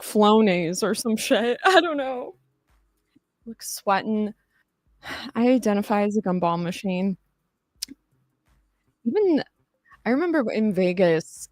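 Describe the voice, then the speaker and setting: A young adult woman chats casually as a livestream host, her mid-range voice a little mellow and recorded without echo. Her talk is rambling and profane, broken up by frequent laughter.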